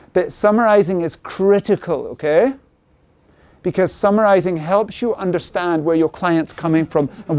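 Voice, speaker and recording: Mellow-voiced man giving a sales seminar. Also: fairly high pitch, dry recording. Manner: frequent tag questions to the audience. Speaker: sales workshop presenter. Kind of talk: interactive seminar talk.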